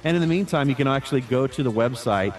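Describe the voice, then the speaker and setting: A man who works as a voice actor, answering interview questions in a relaxed, chatty way with frequent fillers and restarts. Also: medium pitch, fast talker, faint music behind.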